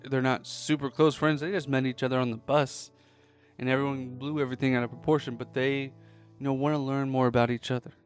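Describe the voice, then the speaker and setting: Man telling a story casually. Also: medium pitch. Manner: animated, jokey, does quick quoted voices. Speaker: podcast host.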